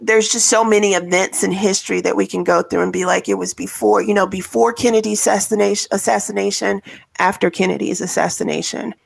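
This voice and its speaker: Gravelly-voiced woman telling a story. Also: mid-range voice, fairly even intonation, a little fast. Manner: storytelling, thoughtful, with frequent ums. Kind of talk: casual discussion.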